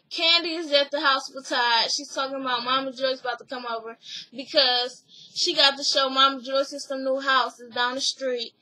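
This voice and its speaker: Young woman doing a tv recap, high bright voice, blunt and chatty, cusses a lot. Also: steady tone, moderate pace, rough recording. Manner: blunt, chatty, swears freely. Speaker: reality TV recap vlogger. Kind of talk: casual episode recap.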